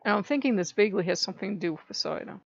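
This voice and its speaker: A woman hosting her own channel, telling a dream story in a casual, animated way. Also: medium pitch, racing, gravelly. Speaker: channel host. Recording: dry, dull lo-fi sound.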